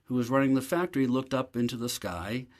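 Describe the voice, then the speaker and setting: A man with an ordinary middle-pitched voice, a professor, appears as a guest on an interview show. Speaking briskly, he tells a long personal story in a relaxed, anecdotal way, readily poking fun at his own failures.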